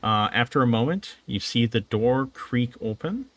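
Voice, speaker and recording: A man narrating a tabletop game as game master, halting with frequent fillers. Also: medium pitch, lively intonation, fairly bright tone, no room sound.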